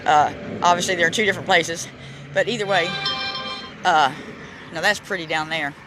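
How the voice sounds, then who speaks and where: A man's voice: on the high side, over music, poor audio. A man walks through a city park, filming on his phone and reading plaques aloud in a casual, emotional way. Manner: emotional, chokes up, reads plaques aloud haltingly. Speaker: vlogger touring a memorial park. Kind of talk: casual walking vlog narration. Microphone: handheld phone camera. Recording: outdoor phone recording with traffic noise. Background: street and traffic noise.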